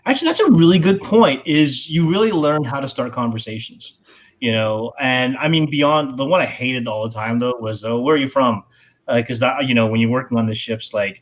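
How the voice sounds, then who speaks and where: A man born in Hong Kong, a podcast guest chatting casually in a reflective, polite way. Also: mid-range voice. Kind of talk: casual chat.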